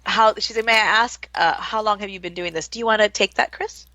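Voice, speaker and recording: A woman co-hosting a casual chat show, chatty and quick to laugh, with lots of fillers. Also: mid-range voice, sharp tone, dry recording. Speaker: co-host.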